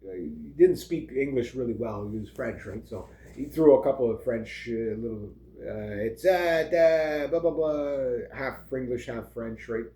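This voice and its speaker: A man's voice: mid-range voice, measured pace, hardly any pauses, mellow. A middle-aged man rambling casually in a vlog, full of fillers and chuckling asides. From Canada. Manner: meandering, lots of uh and like, chuckling asides. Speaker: vlogger. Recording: roomy echo.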